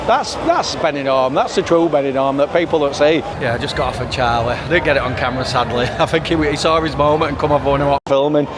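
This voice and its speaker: A rambling, chatty man with a broad Yorkshire accent talks to a handheld camera as he strolls a busy nightlife street. His voice sits at an ordinary middle pitch. Traffic and street noise run clearly behind him. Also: quick pace, few pauses. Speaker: travel vlogger. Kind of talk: casual walking vlog.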